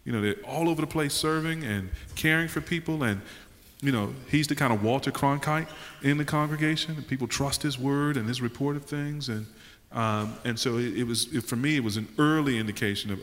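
A male pastor with a bright, forceful voice tells a story to fellow panelists and laughs along as he goes. His mid-pitched voice rings out with a long hall reverb behind it. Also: fairly quick. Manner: animated, laughs while telling a story.

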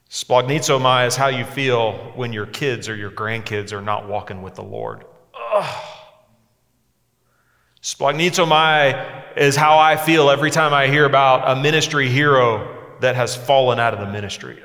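Impassioned preacher in an echoing hall. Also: male voice, mid-range voice. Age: 40s. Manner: impassioned, swings between hushed and emphatic. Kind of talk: sermon. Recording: echoey hall sound.

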